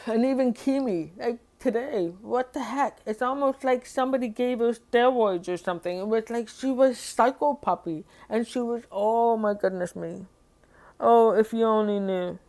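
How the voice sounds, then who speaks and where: A woman's voice: fairly high pitch, normal speed, mellow. A woman talking through a hard day in a personal diary vlog, rambling and emotional, with sighs and nervous laughs. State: upset and overwhelmed. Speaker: vlogger.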